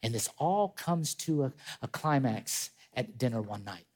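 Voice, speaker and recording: A male pastor preaching a sermon, retelling a story with lively acted-out voices and chatty asides to his congregation. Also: mid-range voice, unhurried. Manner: animated storytelling, acting out quoted voices.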